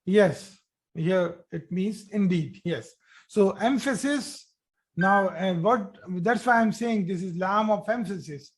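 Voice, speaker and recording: A man with a high voice teaches an online grammar class. He explains at an unhurried pace, repeats key points and keeps checking in with "okay?" as he goes. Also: breathy edge. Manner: slow, repetitive explaining with frequent "okay?" checks.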